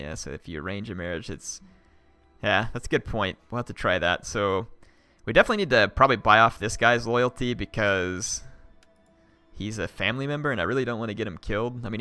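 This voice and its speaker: A man live-streaming a strategy game, excitably yelling orders at his units and chatting with viewers. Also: fairly low pitch.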